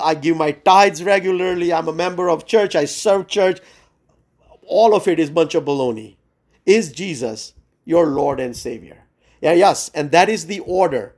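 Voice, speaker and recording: A man leading a Bible study over a video call, preaching urgently with many pauses and fillers. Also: a little high, a little mellow. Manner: earnest and urgent, frequent "uh" and "right?" fillers. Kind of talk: sermon-style Bible teaching. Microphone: Zoom call.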